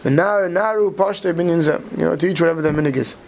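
A man teaching a study class, talking quickly and checking in with "right?" as he explains. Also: a little high. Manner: quick, mixes Hebrew terms into English, many "right?" checks. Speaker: Torah teacher. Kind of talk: Talmudic study lecture.

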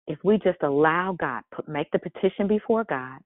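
A woman's voice: deep voice, expressive, moderate pace, no echo. A woman hosting a morning leadership devotional, preaching with fervent repeated exhortations and chatty asides where she corrects herself. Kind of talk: preaching sermon. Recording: dry, phone-like line.

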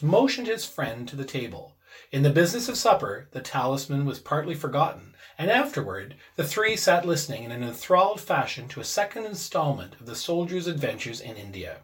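Man reading a ghost story, expressive, somewhat high voice, very lively. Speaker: reader.

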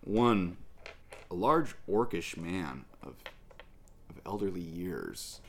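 A man narrating a tabletop game as game master, relaxed and descriptive. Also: deep voice, slow pace, gravelly, slight background noise.

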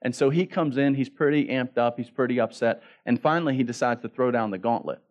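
A male pastor with a mid-range voice preaches a sermon a little fast, and the audio sounds dull. He keeps things casual and joking, acting out the story in quoted voices as he goes.

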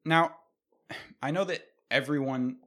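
A young man telling a comedic story and ranting, profane and animated, often laughing. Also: fairly high pitch, a little slow.

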